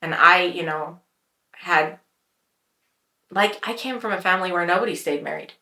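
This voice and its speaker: A woman's voice: fairly low pitch, normal speed, pushed and bright. A woman hosting a faith podcast, speaking with emphatic conviction. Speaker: podcast host. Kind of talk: casual faith talk. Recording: roomy echo.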